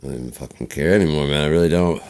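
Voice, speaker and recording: Gravelly deep-voiced man rambling profanely. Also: rapid-fire, a little mellow. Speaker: vlogger. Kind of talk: casual rambling monologue.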